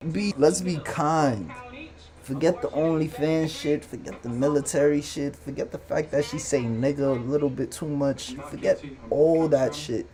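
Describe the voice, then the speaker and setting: A man's voice: medium pitch, moderate pace, faint music behind. A man hosting a live stream, ranting casually and profanely about relationships and social media. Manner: loose, profane, animated rants. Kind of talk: casual commentary monologue.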